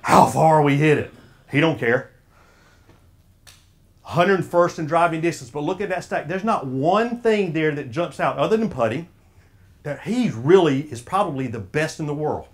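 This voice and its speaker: A man's voice: a little high, lively intonation, moderate pace. A man with a Southern US accent giving a folksy, preacher-like motivational talk to a room of sports officials and quizzing the audience as he goes. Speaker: speaker at an officials' association.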